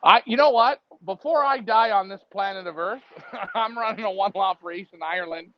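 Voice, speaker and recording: A man's voice: high-pitched, fairly quick, slight background noise. A man co-hosting a casual live stream, rambling and joking and laughing often. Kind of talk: casual chat. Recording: dry, dull lo-fi stream audio.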